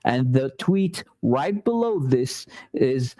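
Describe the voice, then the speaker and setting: A man's voice: medium pitch, sing-song, slow pace, few pauses, dark tone, dry recording. A man hosting a casual reaction commentary, talking in a loose, conversational and sarcastic way. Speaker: commentary channel host.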